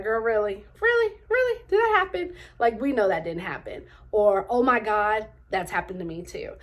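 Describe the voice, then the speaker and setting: A middle-aged woman vlogger telling stories straight to her viewers in a chatty, animated way, full of "like" and "um". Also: fairly high pitch. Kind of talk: casual storytelling to camera.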